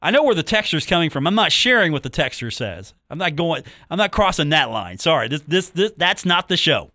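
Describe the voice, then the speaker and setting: A man's voice: fairly high pitch, big pitch swings, a little fast, pushed and bright, no echo, studio quality. A man hosting a sports talk radio show, chatting casually and joking with listeners between game talk. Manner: chatty, joking, repeats phone numbers and catchphrases. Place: radio studio. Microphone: studio microphone.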